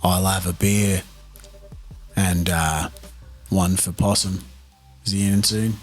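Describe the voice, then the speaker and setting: A man's voice: fairly even intonation, slow, faint music behind. A man voicing a brooding, mopey character who puts on an Australian accent. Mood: casual. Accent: put-on Australian. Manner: low, gruff, subdued.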